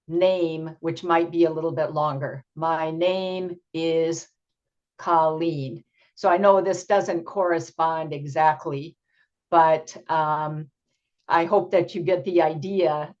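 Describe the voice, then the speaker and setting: Slow, patient older woman teacher trainer. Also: low voice. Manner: slow, patient explaining with frequent ums. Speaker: teacher trainer presenting a workshop. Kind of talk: online workshop presentation. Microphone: video call. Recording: dull lo-fi video call audio.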